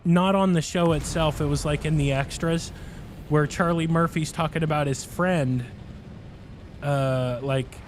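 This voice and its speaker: A man's voice: a little high, steady tone, measured pace, slight background noise. A man streaming a game, chatting casually and telling a long rambling story with frequent laughs. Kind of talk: casual chat while livestreaming a game.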